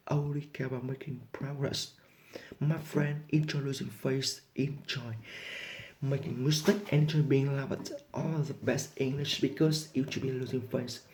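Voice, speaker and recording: Earnest male English teacher, Vietnamese first language, average pitch, reads both parts of practice dialogues. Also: darkish tone. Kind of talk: motivational lesson and dialogue reading.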